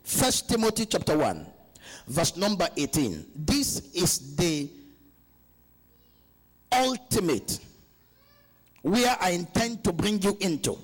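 Lively call-and-response male preacher. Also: high-pitched, slightly rough, rough recording. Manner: call-and-response preaching, urging the congregation to answer; reads scripture slowly and deliberately. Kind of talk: sermon. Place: church conference, captured live.

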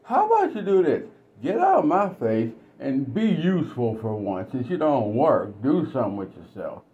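A man's voice: medium pitch, wildly swooping pitch, moderate pace, dark tone, voice pushed up. A man voicing a cold, domineering husband who talks down to his wife with contempt. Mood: contemptuous. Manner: sneering, contemptuous. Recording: dull lo-fi recording.

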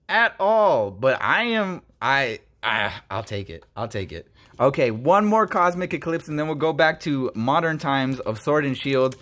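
A young man opening trading cards on his channel, talking excitedly and grumbling between pulls. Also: mid-range voice. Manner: animated, swings between squeals and grumbling. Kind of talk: excited card-opening vlog.

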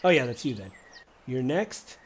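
A man's voice: mid-range voice, big pitch swings, moderate pace, husky. A man running a tabletop game as game master, describing scenes casually with many fillers. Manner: casual, rambling, frequent fillers and laughs.

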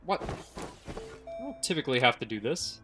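Excitable young man narrating gameplay. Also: mid-range voice, takes it slowly, soft background music. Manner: excitable, swears, thinks aloud. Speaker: gaming streamer. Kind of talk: live gameplay commentary.

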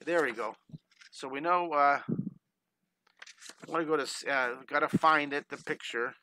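A man's voice: on the high side, unhurried, pushed and bright, slight background noise, low-quality recording. A man teaching a live online drawing lesson, upbeat and encouraging, talking his students through each step and breaking into playful chants and sound effects.

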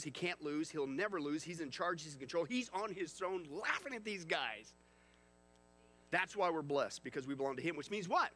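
A man preaching a sermon, animated and chatty, asking the congregation questions. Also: on the high side. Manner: animated, conversational with the audience. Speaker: pastor.

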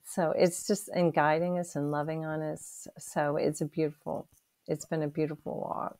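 Low gravelly woman in her sixties. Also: little pitch movement, moderate pace, a little mellow. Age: 60s. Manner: earnest, emotional, many restarts. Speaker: interview guest. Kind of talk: personal testimony in an interview.

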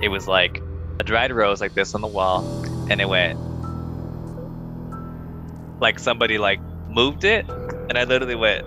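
A young man casually telling a ghost story to friends, animated and acting out the voices he quotes. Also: a little fast, pauses often, over music. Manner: animated, acts out quoted voices in higher pitch.

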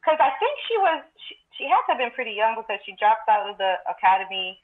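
A woman's voice: a little high, sing-song, quick pace. Woman talking over muffled lo-fi audio. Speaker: podcast co-host. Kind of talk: casual fan chat.

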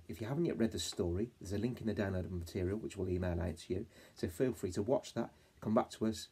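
A young male teacher from England talking to young children in a home-learning phonics lesson, saying words slowly sound by sound and prompting them to repeat after him. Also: lowish voice, dark tone, slightly rough. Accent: English. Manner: slow, sound-by-sound modelling with call-and-response prompts. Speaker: reception class teacher.

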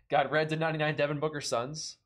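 A young man hosting a live card break, chatty and laughing often as he calls out cards. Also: a little high. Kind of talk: casual live-stream chat.

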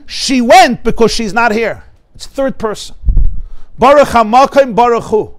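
High-voiced man teaching a lively class. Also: unhurried. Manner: animated storytelling, acts out dialogue; explains Hebrew terms with rhetorical questions. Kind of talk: Torah class lecture. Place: study hall in front of a live class.

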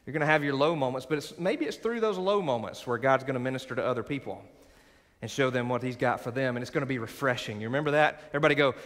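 A bright, forceful man preaches from the front of a sanctuary, his voice carrying on a long hall reverb. He pushes his points with rising emphasis and calls on the congregation to respond. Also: medium pitch. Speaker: pastor. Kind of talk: sermon. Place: large church sanctuary.

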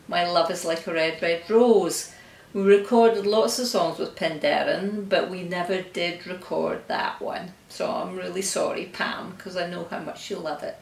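An older woman with a lowish, gravelly voice speaks a fond and gently humorous memorial tribute. She is recorded on a home video camera. The sound is roomy and a little distant from the mic. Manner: fond, gently humorous, often breaks into laughter. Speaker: friend giving a memorial tribute.

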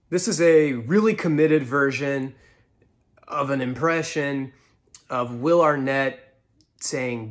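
A man presenting comedy impressions with short, deadpan introductions. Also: medium pitch, slow pace.

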